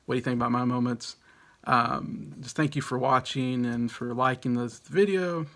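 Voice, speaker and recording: A man's voice: mid-range voice, fairly even intonation, moderate pace, fairly bright tone. A man in his late thirties hosting a casual countdown video, rambling and chuckling with lots of fillers and restarts. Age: late 30s. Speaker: video host.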